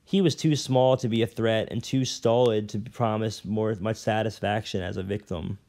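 A man reading a novel aloud at an unhurried pace, now and then stumbling and correcting himself. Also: fairly low pitch, fairly even intonation, darkish tone. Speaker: reader.

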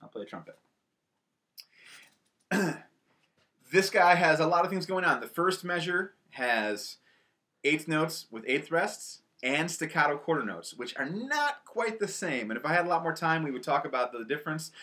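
Teaching a band lesson from his home, this school band director has a fairly high, sharp-toned voice at normal speed, pausing often. He stays upbeat as he explains the music, counting aloud and shouting over the drums to the players.

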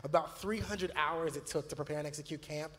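Earnest male youth pastor, slightly raised pitch, storytelling, recorded in a reverberant room. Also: brisk. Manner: earnest, storytelling, many fillers and restarts. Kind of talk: church video conversation.

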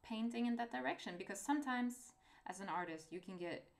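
A woman's voice: on the high side, fairly quick, gravelly. A young woman from Norway with a Norwegian accent, chatting casually and hesitantly about her art in a vlog, self-deprecating and rambling. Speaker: artist vlogger.

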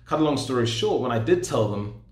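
A man's voice: mid-range voice, animated, a little fast. A middle-aged man giving a personal testimony talk as a guest speaker, telling his story and retelling past conversations. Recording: roomy echo.

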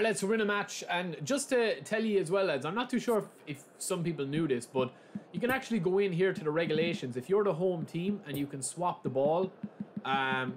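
A young man hosting a gaming channel, talking casually through a live match and breaking into loud, excited shouts. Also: fairly high pitch. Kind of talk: live gameplay commentary. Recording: steady background noise.

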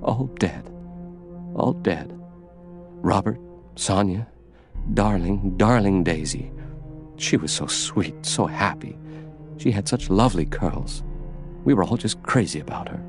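A man's voice: low voice, measured pace, music in the background. A man voicing an earnest, frightened young countess who pleads her case. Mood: mournful.

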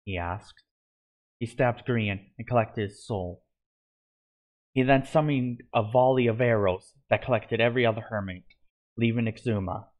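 A man narrating a homemade fan story aloud, with a middle-pitched voice. He reads steadily, now and then stumbling and restarting a word. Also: moderate pace, muffled recording. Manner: steady reading with small slips and restarts.

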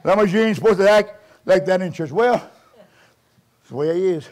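A man preaching a Pentecostal sermon in a church as a guest preacher, fervent and often shouting, with call-and-response. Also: sits high, fairly quick. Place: church sanctuary.

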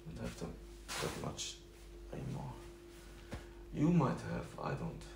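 A man's voice: fairly low pitch, huge pitch swings, measured pace, vocal fry. A young man rambling casually in a profane, slangy way as a vlogger. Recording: echoey room with faint noise.

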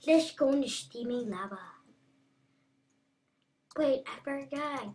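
A woman giving casual, playful game commentary, excitable and taunting. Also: high voice, slow, far from the mic. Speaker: gameplay commentator.

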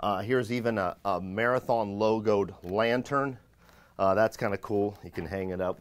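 With a low voice at a moderate pace, a man hosts a company video show, cracking jokes through a casual walking tour that starts outside a building and moves into a lobby and shop. He's upbeat, loud and lively, and the audio carries a little hiss or hum.

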